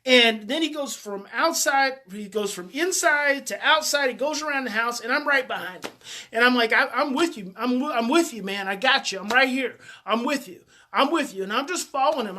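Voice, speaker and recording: Bright-voiced man telling a heartfelt story. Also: very high voice. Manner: heartfelt, repeats phrases. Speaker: parenting educator. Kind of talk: personal storytelling.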